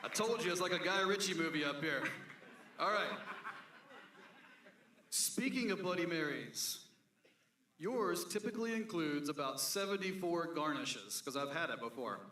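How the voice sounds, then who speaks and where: A man's voice: a little high, animated, normal speed, pauses often, pushed and bright. A man co-hosting a drag pageant on stage, joking and wry. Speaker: pageant co-host. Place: bar or club stage with a crowd. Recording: echoey room, far from the mic.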